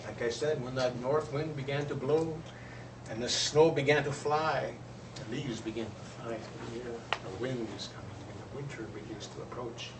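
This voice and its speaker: A man telling a traditional folk tale aloud in an expressive storyteller's manner. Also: medium pitch, normal speed, background noise. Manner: expressive, lively voices for characters. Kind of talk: oral storytelling. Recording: roomy, distant, faint ambience.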